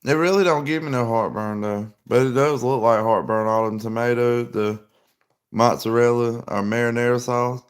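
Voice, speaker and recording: A man's voice: mid-range voice, moderate pace. A man hosting a casual livestream, answering viewer comments in a laid-back, rambling way with plenty of "like". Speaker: livestream host.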